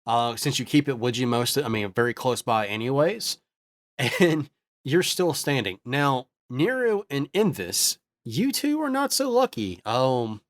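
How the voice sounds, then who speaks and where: A man narrating as game master of a tabletop game, lively and quick to laugh. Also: mid-range voice.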